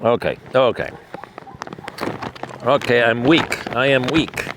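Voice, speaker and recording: A man of medium pitch hosts an outdoor vlog at his animal sanctuary. He rambles to the camera, repeating himself, then coos gentle, near-murmured praise to his dogs. A faint hiss sits under his voice. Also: takes it slowly. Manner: rambling, repeats himself when talking to the audience. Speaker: animal rescuer and show host.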